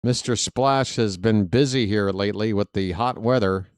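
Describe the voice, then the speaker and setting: A man doing live play-by-play of a baseball game for viewers, chatty and joking with the chat between pitches. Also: moderate pace, clear, resonant tone, no room sound, clean studio sound. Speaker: fan play-by-play announcer.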